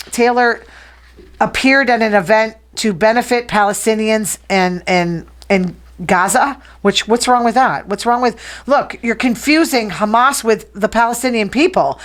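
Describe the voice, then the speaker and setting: A woman hosting a casual gossip show, talking fast, chatty and opinionated. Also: fairly high pitch. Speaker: host.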